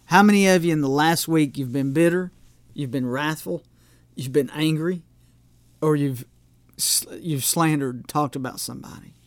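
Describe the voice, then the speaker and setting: A man with a high-pitched voice preaches a conversational sermon, checking in with the room with quick asides and restarting his phrases. The sound is dry and close, with no room echo. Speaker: pastor.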